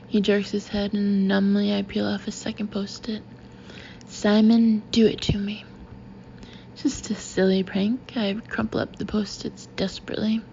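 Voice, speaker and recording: A woman narrating a novel in the first person, with an even, confiding storytelling manner. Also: mid-range voice, moderate pace, vocal fry, few pauses, muffled recording, slight background noise. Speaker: audiobook narrator.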